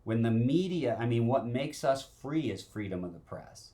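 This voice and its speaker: A man's voice: medium pitch, animated, normal speed, warm tone. A man co-hosting a talk show, chatting casually and laughing often. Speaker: co-host.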